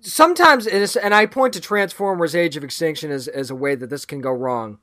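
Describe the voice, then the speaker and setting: A man co-hosting a podcast, chatting casually and enthusiastically about a movie he liked. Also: on the high side. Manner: enthusiastic, animated, quick restarts. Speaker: podcast co-host. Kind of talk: casual movie review chat.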